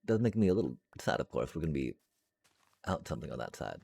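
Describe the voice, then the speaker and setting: A man's voice: extremely low pitch, sing-song, fast talker, gravelly, a little mellow, a little hiss or hum. A man live-streaming a block-building game, thinking aloud to his chat and humming little sound effects as he works. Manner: addresses chat, muttering and trailing off. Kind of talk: casual live-stream commentary while building.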